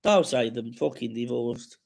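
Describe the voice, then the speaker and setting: Sweary West Midlands man with a gravelly voice. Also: mid-range voice, a little slow, darkish tone. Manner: sweary, jokey banter. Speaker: live stream host. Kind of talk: casual live chat reading comments.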